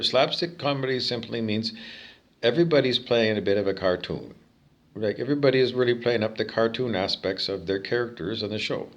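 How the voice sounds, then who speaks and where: A man's voice: medium pitch, fairly bright tone. A Canadian man in his fifties with a Canadian accent, talking alone to camera in a rambling, opinionated monologue full of fillers. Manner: digressive, opinionated, with many fillers. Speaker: vlogger.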